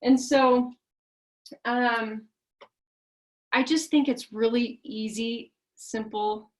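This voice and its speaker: A woman's voice: a little high, steady tone, extremely slow. A woman hosting a video call meeting, easygoing and hesitant with ums. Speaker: meeting host. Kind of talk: casual video call talk.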